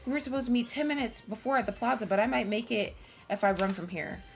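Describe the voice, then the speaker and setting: A woman's voice: on the high side, fast talker, gravelly, soft background music. A woman streamer reading a visual novel aloud, cutting in with blunt, swearing asides.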